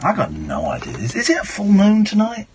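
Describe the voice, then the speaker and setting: A man's voice: sits high, wildly swooping pitch, a little fast, a little hiss or hum. A man in his forties with an English accent, hosting a late-night radio phone-in, chatty and frank, often restarting his sentences. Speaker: radio host. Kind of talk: late-night call-in chat. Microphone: studio mic.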